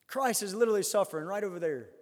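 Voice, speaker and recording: A man preaching a sermon, acting out quoted lines dramatically and swinging from loud to hushed. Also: high-pitched, expressive, very fast. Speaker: pastor. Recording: hall reverb.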